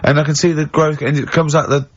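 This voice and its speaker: A man's voice: on the high side, level tone, quick pace. Giggly man telling rambling stories. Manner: rambling anecdotes, giggly laughter. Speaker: radio host. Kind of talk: casual radio banter. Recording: dull lo-fi radio broadcast.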